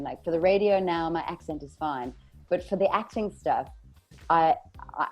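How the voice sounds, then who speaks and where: A woman's voice: low voice, a little mellow. A woman with a South African accent, chatting enthusiastically about her life in an interview. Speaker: interviewee, actress and radio presenter. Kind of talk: casual interview chat.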